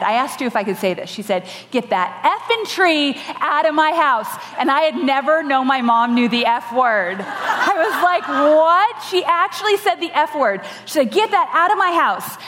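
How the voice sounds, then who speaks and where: A woman with a high, bright voice tells a story from the stage, lively and quick to laugh. Her words ring out with a long hall echo around them. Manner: animated, laughing storyteller with dramatic quoted voices. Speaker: podcast host giving a conference talk. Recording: live talk with long hall reverb.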